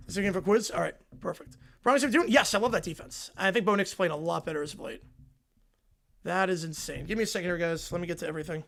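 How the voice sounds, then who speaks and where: A young man hosting a football reaction livestream from his home desk, reading viewer messages aloud in an excited, rambling way. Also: high-pitched, quick pace, gravelly. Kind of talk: live stream chat reading donations. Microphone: desk mic with headphones.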